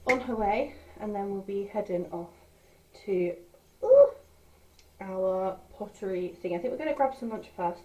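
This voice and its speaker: Young woman, casual vlogger, mellow and warm, chatty with lots of ums. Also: mid-range voice, expressive, moderate pace, a little hiss or hum, low-quality recording. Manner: chatty, rambling, with filler words. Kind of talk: casual vlog chat.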